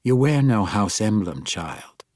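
A man voicing an imperious female dark elf matriarch in an audiobook, speaking in a cold, commanding and quietly threatening way. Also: lowish voice, very animated, measured pace. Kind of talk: audiobook character voice.

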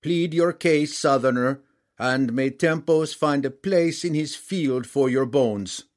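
A man voicing a gruff one-eyed giant warrior king, speaking slowly and bluntly in a booming voice. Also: natural voice. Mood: menacing.

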